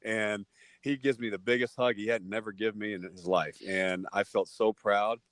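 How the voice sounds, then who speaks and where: Deep-voiced man telling a story. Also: moderate pace, no echo. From Texas. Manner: lively anecdotes, acts out voices. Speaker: podcast guest, former ballplayer. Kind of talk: casual storytelling.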